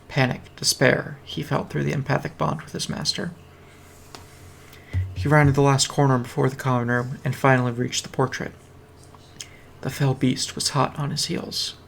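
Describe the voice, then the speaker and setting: Gravelly man reading a story aloud. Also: mid-range voice, a bit bright, a little hiss or hum. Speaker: reader. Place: home streaming setup. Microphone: streaming mic.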